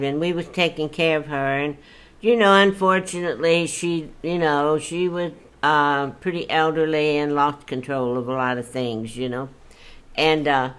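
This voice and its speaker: An older woman spinning a story from her own life in a relaxed, chatty way. She talks in a folksy manner, breaking into exclamations as the story builds. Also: low voice. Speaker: storyteller guest. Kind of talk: casual storytelling.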